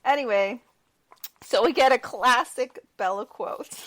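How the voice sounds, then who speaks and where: A woman's voice: a little high, unhurried. A woman on a podcast recapping a movie in casual chat, sarcastic and prone to laughing. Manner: sarcastic, lively, laughs often. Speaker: podcast co-host.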